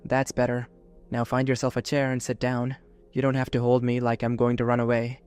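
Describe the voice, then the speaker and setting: A man voicing an ancient Sith woman's spirit kept in a holocron, speaking with gentle, motherly patience. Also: medium pitch, monotone, fairly quick, clear, resonant tone, soft background music, natural voice.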